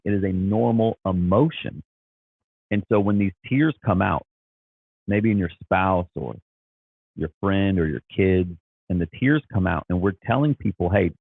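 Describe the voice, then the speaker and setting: A man's voice: deep voice, creaky, breathy edge, no room sound, phone-quality sound. A man talking as a Christian life coach, earnest and encouraging, often repeating and restarting his words. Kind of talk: casual motivational talk.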